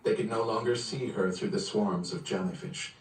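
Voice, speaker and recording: Guy reading a book out loud on a stream, steady pace, low voice, echoey room far from the mic. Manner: steady, measured narration. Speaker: reader. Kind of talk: reading a novel aloud on a livestream. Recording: roomy, distant from the mic.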